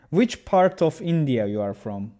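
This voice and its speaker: Halting male chess streamer. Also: on the high side. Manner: halting, with many restarts, chatting with viewers. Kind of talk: casual livestream chat.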